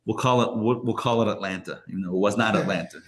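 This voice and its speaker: Conversational rabbi telling stories to a class. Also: male voice, fairly low pitch, quick pace. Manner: conversational, anecdotal, with many restarts. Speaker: rabbi and teacher. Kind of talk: live lecture with stories. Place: live class in a Torah center.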